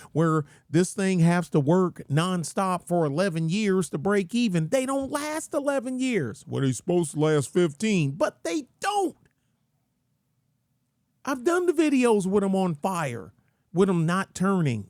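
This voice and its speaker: Slow, rambling man with a dry voice. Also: sits high, a little mellow, dry recording. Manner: folksy, rambling, slangy. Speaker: channel host. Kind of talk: casual rant commentary.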